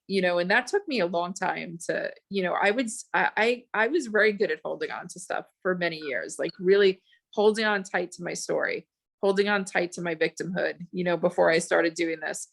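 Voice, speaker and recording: Rambling, animated woman podcast guest. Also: lowish voice, fairly quick, vocal fry. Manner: rambling, animated, many restarts. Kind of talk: casual podcast chat.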